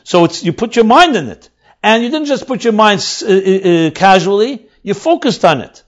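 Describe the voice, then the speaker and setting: A man's voice: high voice, lively intonation, moderate pace. A man teaching as a rabbi, explaining texts emphatically, repeating and rephrasing key words, with Hebrew terms mixed in. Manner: mixes in Hebrew and Aramaic terms. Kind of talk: explanatory Torah lecture. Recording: dull lo-fi recording.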